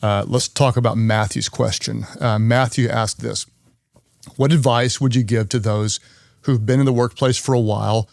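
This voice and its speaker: A man's voice: medium pitch, fairly even intonation, normal speed, creaky, no echo. Earnest man coaching on leadership. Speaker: leadership podcast host. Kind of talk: conversational teaching.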